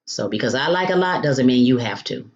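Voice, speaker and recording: A woman's voice: rumbling low, lively intonation, a little fast, highs cut off. A woman hosting a home cooking demonstration, chatty and playful, calling viewers honey and baby. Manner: playful food exclamations. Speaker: cooking show host.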